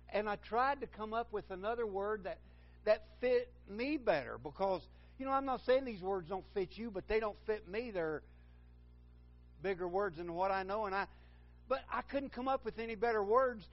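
A man's voice: high voice, muffled recording. A man preaching a sermon, rambling and correcting himself, then building to fervent emphasis.

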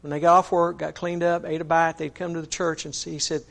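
A preacher works a personal story into his sermon, telling it in an earnest, folksy manner full of "he said" asides. His voice is a little high for a man and comes across gravelly. He often stops briefly to restart his sentences. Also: flat delivery, quick pace, fairly bright tone.

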